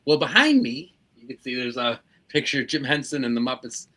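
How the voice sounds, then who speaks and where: A man's voice: mid-range voice, very animated, brisk, bright, forceful tone. A man puppeteer in a casual video chat, cracking jokes and telling how he got into puppetry. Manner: joking, wisecracking. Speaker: puppeteer guest.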